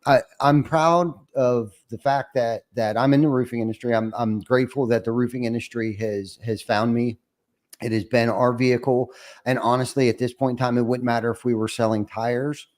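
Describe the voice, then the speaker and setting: A man's voice: medium pitch, fairly even intonation, moderate pace. A man hosting a podcast, talking in a reflective way and often restarting his sentences. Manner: reflective, many restarts and fillers. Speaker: podcast host. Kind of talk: casual interview chat.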